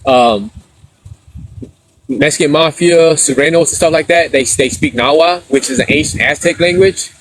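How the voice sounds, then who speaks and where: A middle-aged man from San Diego hosts a relaxed live stream. He reads viewer comments aloud and tells stories in street slang, laughing often. His voice sits a little higher than most men's. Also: normal speed, dry recording. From San Diego, USA. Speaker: livestreamer reading chat. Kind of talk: casual live stream chat.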